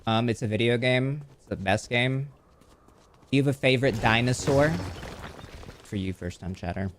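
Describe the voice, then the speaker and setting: A young man hosting a casual gaming livestream. He rambles and jokes with chat, with sudden excited outbursts. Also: mid-range voice, moderate pace, slight background noise. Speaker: livestream host.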